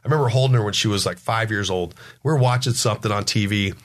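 A man in his forties telling family stories in a casual chat. He rambles, restarts his sentences, and acts out what his family members said. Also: on the low side. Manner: rambling, halting storyteller who restarts sentences.

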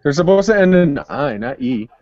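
A man's voice: a little high, animated, normal speed, a little mellow, no echo. A man co-hosting a podcast, joking and rambling, in a dull, muffled recording. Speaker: podcast co-host. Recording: dry, dull podcast audio.

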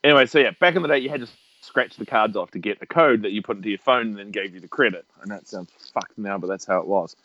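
A man's voice: fairly low pitch, fast, no echo, lo-fi sound. A man, telling stories in a casual chat and laughing often. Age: 30s. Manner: animated, laughing, acts out voices in his stories. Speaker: podcast guest.

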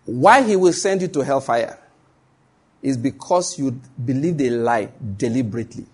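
Husky emphatic Nigerian male pastor. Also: medium pitch, lively intonation, moderate pace. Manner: emphatic, repeats key phrases for stress; dramatic shifts between hushed and raised voice. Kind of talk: live-streamed sermon with storytelling.

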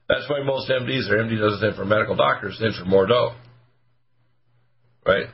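Joking older man, husky voice. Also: on the low side, moderate pace, pauses often. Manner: rambling, joking, hoarse-edged. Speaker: radio host, doctor. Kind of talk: talk radio chat. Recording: muffled radio audio, faint music.

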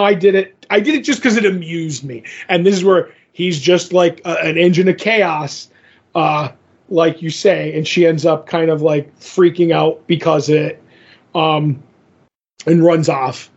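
Podcast co-host, male, rambling casual recap, voice on the higher side, dull lo-fi recording. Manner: rambling, acts out characters' lines in passing. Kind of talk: casual comic book recap.

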